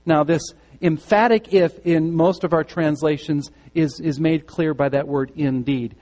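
A man's voice: fairly high pitch, steady tone, measured pace, few pauses, a little mellow, long reverb tail, rough recording. A man preaching a sermon to his congregation, emphatic and repeating key words for weight. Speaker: pastor. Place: church sanctuary.

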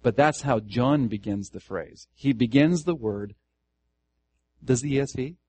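A man's voice: mid-range voice, a little slow, a little mellow, no room sound. A man teaching Scripture to a church group, earnest, restarting phrases and putting questions to the room. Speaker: Bible teacher. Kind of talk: Bible study teaching to a congregation.

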